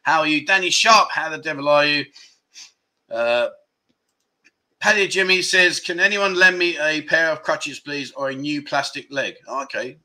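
A man, chatting loosely and jokily like a relaxed livestream host. His voice sits a little high for a man and has a sharp, very bright edge. He rambles from story to story with plenty of asides. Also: moderate pace. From United Kingdom. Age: 50s. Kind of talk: casual chat show, reading viewer comments.

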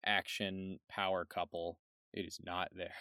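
A man's voice: low voice, little pitch movement, unhurried, bright, forceful tone, clean tone, no room sound, studio quality. A young man co-hosting a casual film review podcast. He is offhand and laid-back, swears now and then, and works from his notes. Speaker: podcast co-host.

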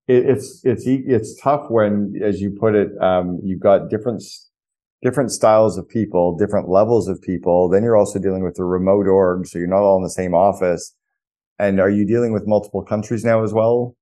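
A man's voice: fairly low pitch, fairly even intonation, fairly quick, mellow. A man hosting an interview podcast, casual and blunt, swearing freely as he asks questions. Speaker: podcast host. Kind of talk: conversational interview.

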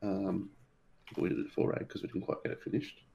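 A man co-hosting a podcast, low-key and hesitant, giving short answers. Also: flat delivery, a little fast, vocal fry, dark tone, highs cut off. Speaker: podcast co-host. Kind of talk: casual podcast chat.

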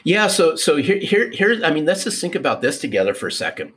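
A man in his fifties, a podcast guest telling a personal story in an animated, repeating way. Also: fairly high pitch, fairly quick. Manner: animated, restarts, repeats for emphasis. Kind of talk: conversational storytelling.

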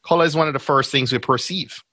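Jamaican man explaining with bright tone. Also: mid-range voice, quick pace, breathy edge, dry recording. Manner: explains step by step, often checks in with "right?". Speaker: podcast guest, brand strategist. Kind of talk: casual interview talk.

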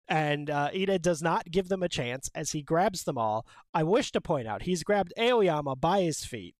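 A man with a fairly high voice, recorded close and dry with no room sound. He chats about comic scenes in an animated, opinionated way and peppers his talk with "like". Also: normal speed, few pauses, no echo. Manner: animated, opinionated, many "like" fillers. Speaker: podcast co-host. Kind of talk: casual chat about a manga.

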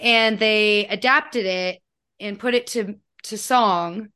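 A woman's voice: medium pitch, slow, bright, forceful tone, smooth. A young woman co-hosting a podcast in casual chat, swearing and laughing as she talks. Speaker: podcast co-host.

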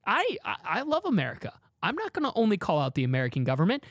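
Male podcast host, slightly high voice, rambling, dry close sound. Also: fast, no echo. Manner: rambling, animated, lots of fillers and restarts. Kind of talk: casual chat.

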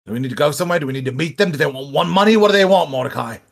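A man voicing a gruff, suspicious grown man in a tabletop game, with a low, brooding manner full of questions. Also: lively intonation, very fast.

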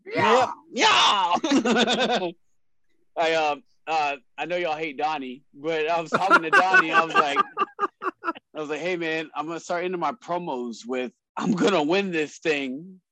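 A man's voice: a little high, measured pace, vocal fry, slight background noise, low-quality recording. A man, a guest on a casual podcast, telling stories with frequent laughter and lots of swearing. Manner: laughing often, profane, animated storytelling.

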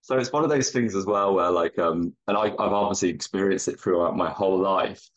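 Husky low man, muffled. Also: a little fast. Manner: reflective, rambling explanations. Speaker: podcast guest. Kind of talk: casual chat. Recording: dull muffled audio.

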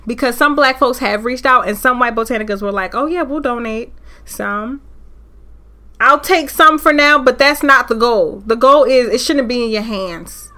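A woman's voice: a little high, moderate pace. A woman hosting a solo podcast, speaking, ranting fiercely and preaching with rising anger. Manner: fiery, preachy, loud at times. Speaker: podcast host. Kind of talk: impassioned solo podcast rant.

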